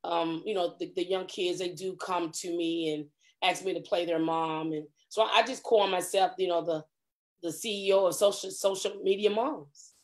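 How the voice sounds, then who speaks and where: A middle-aged woman, a comedic actress, telling stories in a casual interview and acting out quotes with lively voice jumps. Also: fairly low pitch, moderate pace. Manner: animated, acts out quotes with big voice jumps.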